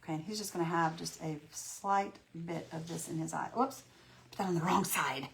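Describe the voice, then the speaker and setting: Chatty woman with a gravelly low voice. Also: moderate pace, a little hiss or hum. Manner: chatty, folksy, greets viewers by name, self-reassuring. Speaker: craft livestream host. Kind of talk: casual live painting tutorial.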